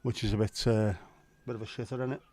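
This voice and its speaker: A man's voice: lowish voice, flat delivery, quick pace, darkish tone. Chatty man hosting a stream. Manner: chatty, greets viewers by name, jokey. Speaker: live stream host. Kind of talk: casual watch-along chat.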